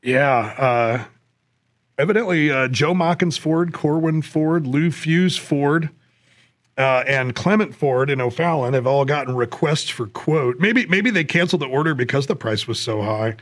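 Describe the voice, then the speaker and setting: Speaking without hurry in a fairly high voice, a middle-aged man co-hosts a podcast. The talk is a casual chat where he rambles along, leans on fillers and tosses out dry jokes.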